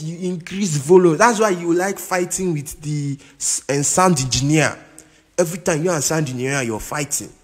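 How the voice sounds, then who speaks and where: A man gives casual keyboard instruction in a reverberant room, his voice on the high side. He halts, restarts, and repeats words, constantly checking in with "you understand?" Long reverb fills the recording, with keyboard music playing behind him.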